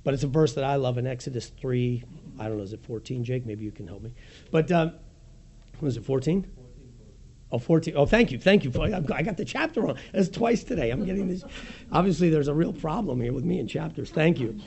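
A man preaching a sermon as pastor, with a raspy voice, animated and swinging between soft and loud, joking about his own slips. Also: fairly quick, a little hiss or hum. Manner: animated preaching with wide swings in pitch and loudness; jokes at his own slips, laughs easily.

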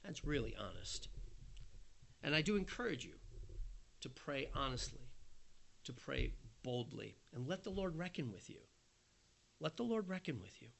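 A man preaching a sermon, earnest and conversational, dropping soft and then rising emphatic as he acts out the quoted voices. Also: medium pitch, very animated, normal speed, vocal fry, long pauses, a little hiss or hum.

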